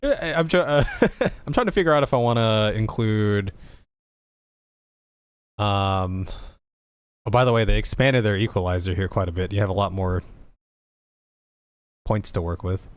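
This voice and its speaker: A man's voice: on the low side, unhurried, long pauses, clean tone. A man streaming as he edits a video, thinking aloud, repeating himself and laughing often. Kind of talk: casual live commentary.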